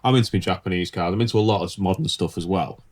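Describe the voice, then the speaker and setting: A man's voice: sits low, fast. A man co-hosting a casual podcast chat, rambling and laughing easily as he tells stories. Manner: rambling, laughs often, restarts. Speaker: podcast co-host, pinstriper.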